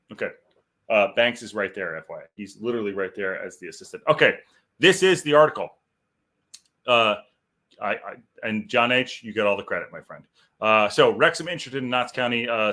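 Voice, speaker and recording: Man, podcast host, live stream, bright tense tone, rambling asides. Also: mid-range voice. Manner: rambling, reads articles aloud with asides.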